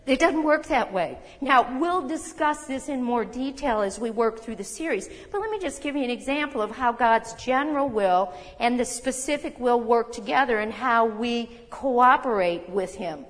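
A woman's voice: a little high, lively intonation. Conversational woman preaching in a reverberant hall. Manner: conversational, emphatic, with quick asides and self-corrections. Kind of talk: sermon. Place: church hall.

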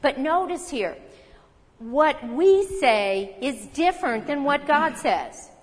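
Higher-voiced woman preaching in a reverberant hall. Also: big pitch swings, slow. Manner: earnest, emphatic, with rhetorical questions and mock quotes. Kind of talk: sermon.

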